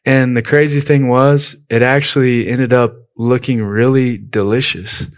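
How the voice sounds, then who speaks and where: A man's voice: medium pitch, fairly even intonation, unhurried, clear, resonant tone. Conversational male preacher telling stories. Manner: conversational, peppered with "you know". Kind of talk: sermon with personal storytelling.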